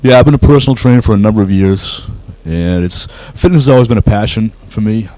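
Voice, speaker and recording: A very low, mellow-voiced man speaks as a guest in an interview. He talks about his work humbly, with frequent fillers and restarts. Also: fast talker, low-quality recording. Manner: humble, hesitant with many fillers. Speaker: actor guest. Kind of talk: casual interview.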